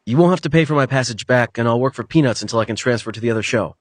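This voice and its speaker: A man's voice: mid-range voice, racing, dry recording, lightly acted. A male narrator voicing an earnest, determined young man who speaks in an eager, persuasive way, in an audiobook. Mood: pleading. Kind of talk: audiobook character voice.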